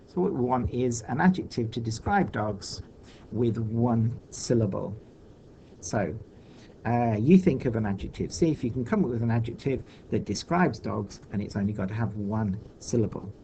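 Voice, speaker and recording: A man teaching children in a recorded online lesson, thinking aloud patiently with many pauses and fillers. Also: mid-range voice, animated, dark tone, slight background noise, low-quality recording.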